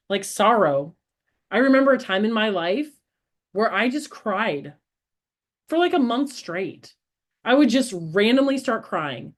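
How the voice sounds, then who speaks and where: A woman co-hosting a podcast, talking in a casual, earnest and reflective way, often laughing at herself. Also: mid-range voice. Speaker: podcast co-host. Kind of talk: casual spiritual conversation.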